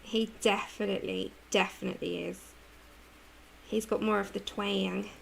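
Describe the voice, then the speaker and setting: A woman's voice: mid-range voice, fairly even intonation, normal speed, vocal fry, fairly bright tone, slight background noise. A British woman hosting a livestream, chatting casually while she colours, laughing often and answering viewer comments. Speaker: livestream host.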